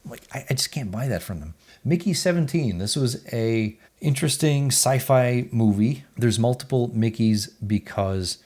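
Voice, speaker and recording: A man's voice: mid-range voice, expressive, normal speed, a little mellow. A man, giving casual, blunt movie reviews in a chatty, offhand way. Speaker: movie reviewer, channel host.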